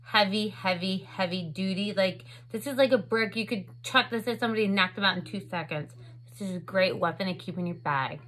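A woman's voice: mid-range voice, a little fast, a bit bright, slight background noise, poor audio. A woman in her thirties chatting casually at home while unboxing makeup for her vlog, full of "like" and "um". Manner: chatty, filler-heavy with lots of "like" and "um". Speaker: beauty vlogger. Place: home, indoors. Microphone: camera on a stand with ring light.

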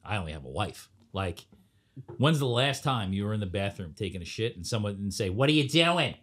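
A man co-hosting a casual podcast chat, tossing in quick joking asides on a studio microphone. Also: lowish voice, animated, breathy edge. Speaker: podcast co-host.

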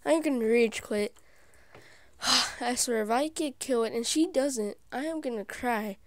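A woman hosting her gaming channel, giving live gameplay commentary; excitable and easily frustrated, she often drops into whispered asides. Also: fairly high pitch, unhurried, no room sound. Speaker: YouTube gaming channel host.

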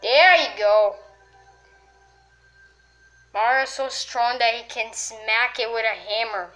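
A woman commenting on a game she is playing, excitable and full of yelps and exclamations. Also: fairly high pitch, slow pace, faint music behind. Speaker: gamer. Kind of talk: let's play commentary.

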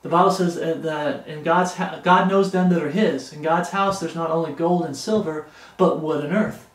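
A man's voice: a little high, moderate pace, echoey room. A man preaching a sermon with an earnest, pleading delivery.

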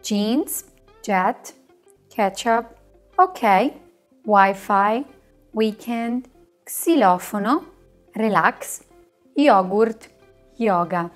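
A woman teaching a language lesson in scripted narration, slowly spelling out letters and words with care. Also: mid-range voice, lively intonation, faint music behind. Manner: slow, careful spelling out of letters.

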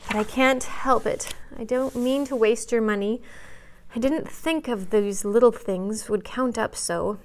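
A librarian reading a classic novel aloud at story time, gently expressive, pausing now and then for a quick aside. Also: female voice, medium pitch. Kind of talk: read-aloud storytime narration.

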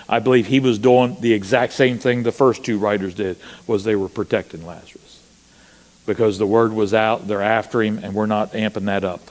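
A pastor preaching a sermon in a church. He asks the congregation rhetorical questions and rises to loud, high cries when he quotes scripture. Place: church sanctuary.

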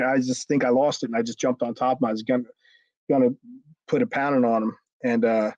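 A man's voice: mid-range voice, a little mellow, dry recording. A middle-aged man, a former pro wrestler, telling a story casually in an interview. He swears freely and acts out the people in the story. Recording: dry, slightly dull lo-fi sound.

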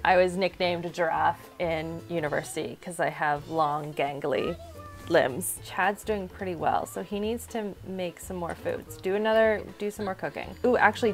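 A woman in her thirties giving casual let's-play commentary, chatty and reacting aloud to the game. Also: lowish voice. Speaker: gaming YouTuber.

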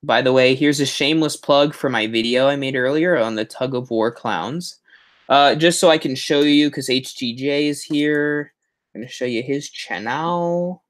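A man's voice: medium pitch, normal speed. Rambling, chatty live-stream host man. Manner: rambling and chatty, with self-mocking asides. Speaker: host of a Halloween prop channel live stream. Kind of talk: casual live-stream chat.

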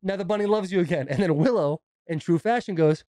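A man co-hosting a podcast, telling animated stories in casual chat and mimicking his kids' voices. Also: high-pitched, quick pace, hardly any pauses, no echo. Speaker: podcast co-host.

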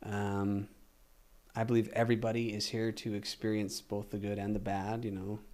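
A man in casual podcast chat as a guest, telling lively stories and then turning soft and reflective. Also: lowish voice. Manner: animated storyteller, acts out quoted voices; slows and drops to soft reflective tone.

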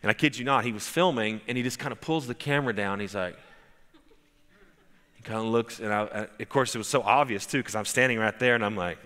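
A man's voice: on the low side, quick pace, bright, forceful tone, long reverb tail. A man preaching a sermon as pastor, telling stories conversationally with frequent restarts. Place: church sanctuary.

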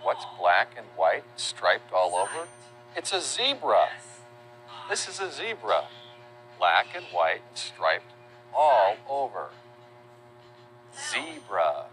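Male children's teacher, unhurried, very animated sing-song delivery, lowish register. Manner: sing-song and patient, spells words out letter by letter and imitates animal sounds. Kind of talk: slow, simple teaching narration for young children.

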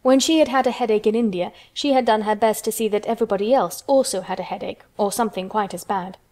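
A woman reading a children's storybook aloud in steady, measured narration. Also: medium pitch.

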